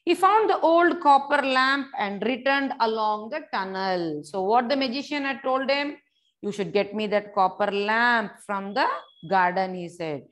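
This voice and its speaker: A woman teacher reads a story aloud to young children, speaking to them directly and repeating and explaining each word simply. Her voice is on the high side, a bit bright, and a little slow.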